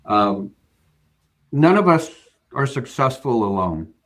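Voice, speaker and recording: A man's voice: mid-range voice, big pitch swings, slow pace, a bit bright. A man, a bank finance executive, being interviewed and earnestly recounting a work story, with frequent fillers and restarts. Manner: earnest, hesitant with many fillers and repeated starts. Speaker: bank CFO, guest.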